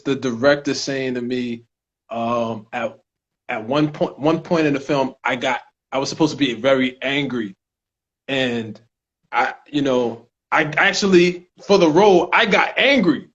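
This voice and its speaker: A man's voice: mid-range voice, fairly bright tone. A man with a New York accent, an actor and co-host, chatting casually on a podcast with frequent restarts and easy laughter. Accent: New York (Staten Island). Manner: halting, restarts a lot, laughs easily. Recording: dull lo-fi recording.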